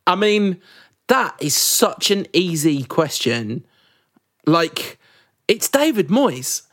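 A man's voice: high voice, sing-song, takes it slowly, a bit bright, no echo, studio quality. A man co-hosting a podcast in casual, jokey chat, rambling with restarts. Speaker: podcast co-host leaving the show.

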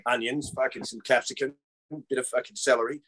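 A man's voice: medium pitch, little pitch movement, fairly quick, fairly bright tone. An Australian man, a comedian guest on a podcast, chatting in a blunt, heavily sweary way and laughing often. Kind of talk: casual chat.

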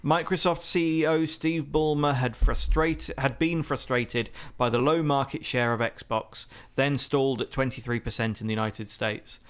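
A man's voice: medium pitch, fairly even intonation, moderate pace, few pauses, smooth. A man co-hosting a casual podcast, reading background notes aloud with dry, wry asides.

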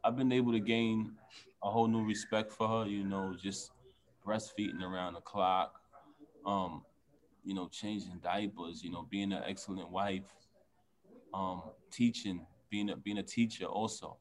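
A man, a father and interview guest, speaking in a relaxed, earnest way with many casual fillers. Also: deep voice, normal speed. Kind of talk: casual chat.

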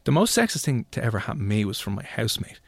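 A man talks fast in casual chat as a radio co-host. He tells self-mocking stories and keeps them moving. The sound is dry and close. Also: medium pitch, sing-song, gravelly, breathy edge, no echo. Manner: quick, storytelling, self-mocking.

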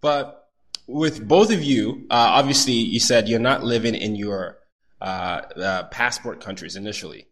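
A young adult man hosting a podcast interview, animated, laughing easily, with frequent fillers. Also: on the low side, a little slow. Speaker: podcast host.

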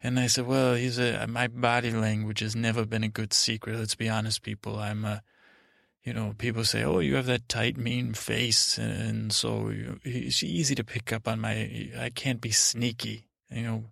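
A man's voice: lowish voice, little pitch movement, moderate pace, gravelly, fairly bright tone, dry recording, clean studio sound. A man speaking as a blunt, plain-spoken stepmother, telling a rambling bedtime story in a drowsy way, full of restarts. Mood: wry.

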